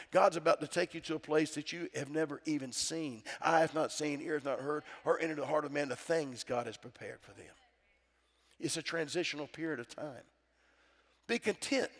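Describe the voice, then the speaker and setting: Gravelly preacher man in a reverberant church. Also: a little high, fairly bright tone. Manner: preaching with call-and-response to the congregation. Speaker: pastor. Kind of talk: sermon. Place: church sanctuary. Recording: church sound with long reverb.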